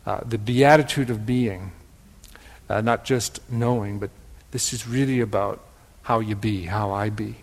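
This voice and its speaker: A man with a Wisconsin accent giving a gentle, pondering spiritual teaching, often repeating words for emphasis. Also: lowish voice, steady tone, unhurried, big-room sound.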